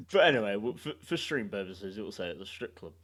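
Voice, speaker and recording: A young man hosting a podcast, telling a story in a sweary, animated way and laughing along. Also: fairly low pitch, brisk. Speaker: podcast host. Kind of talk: casual storytelling chat.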